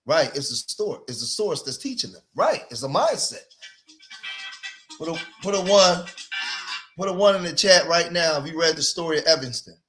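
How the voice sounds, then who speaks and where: A man's voice: fairly high pitch, expressive, moderate pace, fairly bright tone, soft background music. Emphatic man hosting a livestream. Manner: preachy, emphatic, repetitive. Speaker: livestream host. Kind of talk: livestream commentary.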